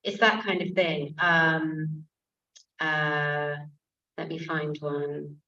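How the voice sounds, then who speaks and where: Woman, 60s, author guest. Low voice, chatty anecdotes, distant dull mic. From England. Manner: lively storytelling with quick asides and fillers. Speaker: author and comic actress, event guest. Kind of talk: conversational talk at a book event. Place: bookshop event room. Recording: distant, muffled event recording.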